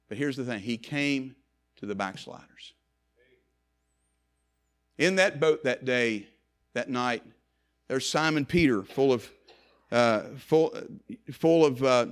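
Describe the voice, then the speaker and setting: A man preaching a sermon with passion, rising to loud emphasis and dropping to hushed low passages, repeating phrases for effect.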